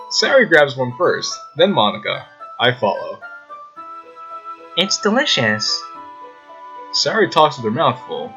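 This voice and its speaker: Male let's-play host, animated, unhurried, laughs a lot; dull recording with music under. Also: medium pitch. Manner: excitable, laughs often, exclaims in disbelief. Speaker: gaming YouTuber. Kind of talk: let's play commentary, reading game text aloud.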